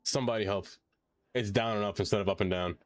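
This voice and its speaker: A non-American man live-streams a game, chatting playfully, reading chat aloud, thanking viewers, and groaning theatrically at his mistakes. His voice is on the low side with a steady tone and quick pace, in a dry recording.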